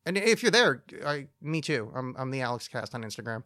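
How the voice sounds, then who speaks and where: A man's voice: medium pitch, very animated, fairly quick, bright, forceful tone, no echo, clean studio sound. A man hosting a solo podcast, rambling through listener questions with profane, mock-outraged rants. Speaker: podcast host. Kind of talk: solo comedic rant podcast.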